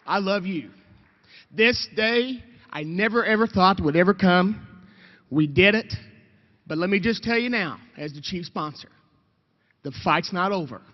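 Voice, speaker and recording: A man giving an emotional, fervent rally speech as a state representative, calling out to the crowd. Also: sits high. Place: outdoor rally, large reverberant space. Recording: dull lo-fi sound with long reverb.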